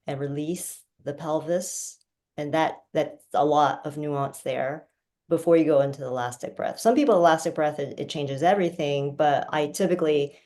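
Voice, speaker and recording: Low-voiced woman guiding breathing. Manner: slow, calm guiding cues. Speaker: breathing instructor. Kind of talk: guided breathing instruction. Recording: roomy sound from a distance.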